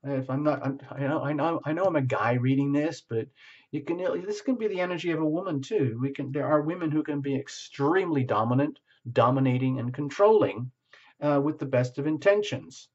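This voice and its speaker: A man reads tarot in a brisk, expressive manner, his voice fairly high-pitched. He's frank and openly gropes for the right words as he goes. The recording is lo-fi and slightly muffled.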